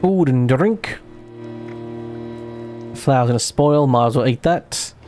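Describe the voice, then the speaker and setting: A man's voice: medium pitch, slow pace, a little mellow, faint music behind. A man streaming a video game, thinking aloud in casual, self-mocking commentary.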